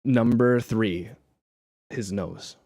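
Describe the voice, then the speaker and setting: A man's voice: fairly low pitch, very slow, warm tone, dry recording, clean studio sound. A man streaming casually while making music, rambling with fillers and laughing at himself. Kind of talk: casual live-stream chat.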